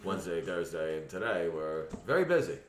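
A man's voice: low voice, fairly quick. New guy ranting on a podcast, cursing a lot, room sounds echoey. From New York. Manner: loud, swearing, animated ranting. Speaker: podcast co-host. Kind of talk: casual chat.

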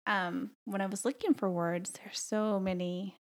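A woman's voice: mid-range voice, fairly even intonation, a little slow. A woman from the American South co-hosting a podcast in a rambling, chatty way, laughing often. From Southern United States. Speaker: podcast co-host. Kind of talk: casual podcast chat.

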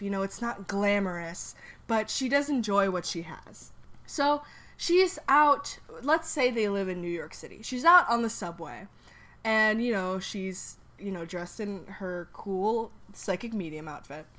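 A woman's voice: mid-range voice, fairly bright tone. A woman co-hosting a podcast, telling a rambling story in a giggly, casual way full of fillers. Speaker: podcast co-host.

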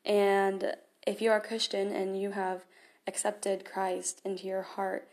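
Young woman host, mid-pitched, earnest and chatty, reads scripture then unpacks it casually. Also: completely flat delivery, a little slow, a little mellow. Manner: earnest and chatty, with fillers and small laughs. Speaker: podcast host. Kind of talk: casual devotional talk with scripture reading.

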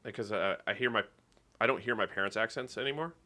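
Calm easygoing guy from canada, deep but bright voice, casual podcast cohost. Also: quick pace. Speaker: podcast co-host. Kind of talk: casual chat.

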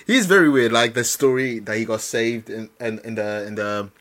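A man's voice: mid-range voice, normal speed, fairly bright tone. A man co-hosting a podcast in casual chat, jokey and laughing often. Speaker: podcast co-host.

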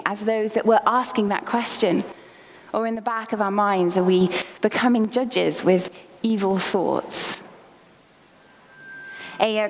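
A woman preaching a sermon in church, reading passages aloud from a book with small laughs between. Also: medium pitch. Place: church hall. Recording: reverberant hall.

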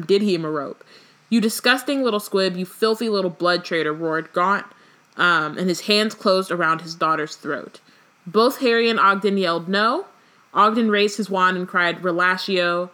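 A woman with a fairly low, pushed, bright voice co-hosts a book podcast. She reads passages aloud and chats casually, filling her talk with "um" and lots of "like."

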